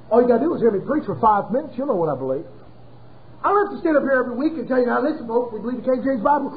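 A man preaching a sermon to his congregation in a folksy, emphatic way, slowing down hard on key words. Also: very high-pitched. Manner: folksy, emphatic preaching with sudden slowdowns and chuckles. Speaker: pastor. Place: church. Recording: tinny phone-like audio.

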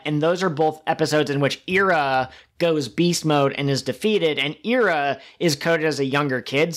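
A man co-hosting a podcast, enthusiastically recapping an episode and acting out quoted lines. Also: fairly high pitch. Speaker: podcast co-host. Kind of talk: casual chat.

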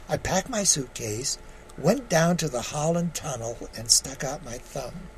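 A man's voice: fairly high pitch, expressive, measured pace, a little hiss or hum, poor audio. A man in his eighties, originally from California, who answers interview questions and reads his memoir aloud, often repeating words and hesitating. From California, USA. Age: 80s. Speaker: guest playwright.

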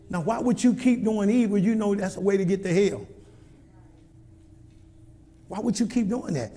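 A man preaching a sermon as pastor, in a folksy, colloquial way, calling out to the congregation and rising to shouts. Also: high voice, moderate pace, long pauses.

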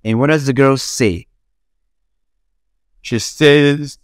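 A woman's voice: low-pitched, big pitch swings, takes it slowly, pauses often, dry recording, studio quality. A young woman teacher drilling English words for children, repeating each one and laughing between examples. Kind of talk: classroom drilling lesson.

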